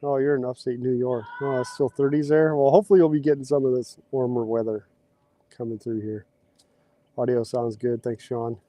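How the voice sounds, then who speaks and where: Digging post holes outside, a man hosts a casual livestream, chatting away and reading viewer comments aloud. He speaks briskly in a warm, medium-pitched voice with fairly even intonation, occasionally short of breath.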